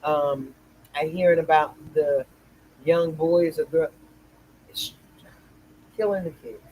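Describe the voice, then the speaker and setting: A woman's voice: sits low, fairly even intonation, takes it slowly, dark tone, a little hiss or hum, poor audio. An older woman hosting a casual chat, telling rambling stories with many restarts. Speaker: host.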